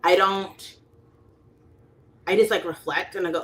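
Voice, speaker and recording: A woman's voice: lowish voice, fairly even intonation, unhurried, long pauses, a bit bright. A young adult woman hosting a livestream, chatting casually and rambling with lots of fillers, reading chat and acting out quoted people.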